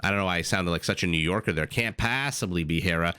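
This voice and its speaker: Low bright-voiced game caster guy, talks fast and gets excited, dry close mic. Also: clear, resonant tone, dry recording. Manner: excitable, quick asides and self-corrections. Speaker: esports caster. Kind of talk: live play-by-play commentary.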